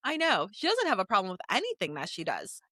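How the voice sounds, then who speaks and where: A woman's voice: medium pitch, huge pitch swings, fast talker, pushed and bright, dry recording, clean studio sound. A woman co-hosting a podcast in casual chat, reacting with blunt, jokey asides and a lot of laughter. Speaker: podcast co-host.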